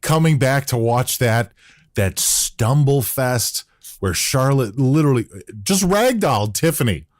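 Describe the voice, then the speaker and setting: A man's voice: medium pitch, animated, measured pace, no echo, studio quality. A man hosting a wrestling podcast, reading the live chat aloud and breaking down promo clips. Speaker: podcast host.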